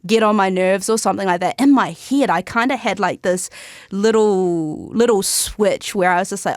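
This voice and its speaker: A woman's voice: medium pitch, moderate pace, no room sound. Chatty young New woman, dry sound. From New Zealand. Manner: chatty storyteller, laughs often mid-sentence. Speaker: guest. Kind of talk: casual interview chat.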